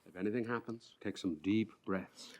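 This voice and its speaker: A gruff, exasperated police captain, played by an actor, barks orders in a film comedy. The film audio carries clear background noise. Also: male voice, fairly low pitch, steady tone, moderate pace, natural voice. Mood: stern. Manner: barking orders, blustering.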